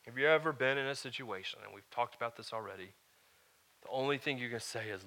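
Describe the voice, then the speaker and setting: A man preaching as a pastor, moving from loud, emphatic lines to quieter, earnest teaching and asking his listeners "all right?". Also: mid-range voice, brisk. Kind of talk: sermon.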